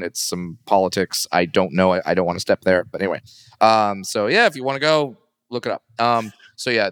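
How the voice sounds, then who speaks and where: Low, smooth-voiced comedian telling stories. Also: male voice, dry recording, clean studio sound. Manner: animated, acts out quoted voices in a high pitch. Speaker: stand-up comedian, guest. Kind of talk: casual storytelling interview.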